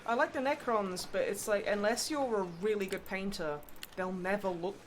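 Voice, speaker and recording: A woman streaming a video game in casual chat, expressive and quick to swear in outbursts. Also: medium pitch. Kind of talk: casual gaming livestream chat. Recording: home mic with clear background noise.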